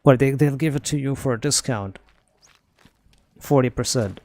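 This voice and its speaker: A man's voice: medium pitch, moderate pace, a little mellow. A young man streaming a game, rambling through a story with casual swearing. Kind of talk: casual gaming chat.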